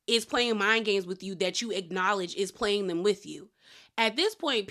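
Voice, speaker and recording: A woman's voice: medium pitch, a bit bright. A woman hosting a casual reality TV recap, chatty and opinionated, full of slang and "girl" asides.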